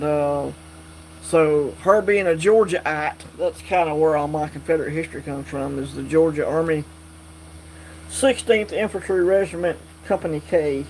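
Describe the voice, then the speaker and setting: A man hosting a casual live stream, chatting with viewers in a relaxed, drawling way. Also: a little high, low-quality recording. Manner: drawling, relaxed, reads and answers chat. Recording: faint mains hum.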